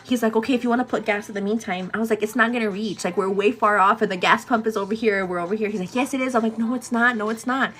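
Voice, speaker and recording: A woman's voice: mid-range voice, racing, few pauses. A young woman telling a story to her viewers in a casual, chatty way, tired and overwhelmed, laughing often and quoting both sides of an argument. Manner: chatty, animated retelling with laughs, quotes others. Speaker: vlogger.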